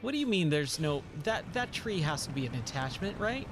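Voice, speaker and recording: Man, hoarse, tired, casual stream chatter, stammering repeats, music in background. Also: fairly high pitch, sing-song, brisk. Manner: rambling, repeats words when flustered. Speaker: game streamer. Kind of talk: casual live-stream chat.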